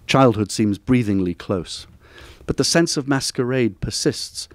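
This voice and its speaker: A man, reading aloud from a personal essay at a bookstore event in a measured, wry, literary way. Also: medium pitch, no echo. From Durham, northern England. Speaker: author reading from his book.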